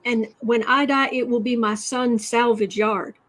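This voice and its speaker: A woman's voice: on the high side, steady tone, unhurried, a bit bright. A woman putting on a proud rural man who owns a family salvage yard and insists it is no junkyard. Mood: insistent. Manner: insistent, touchy about the word junkyard.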